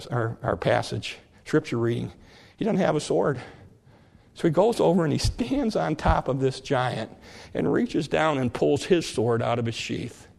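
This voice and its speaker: An older man preaching a sermon, retelling a story in a lively, joking way. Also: medium pitch, creaky. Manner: lively, jokey storytelling with laughs.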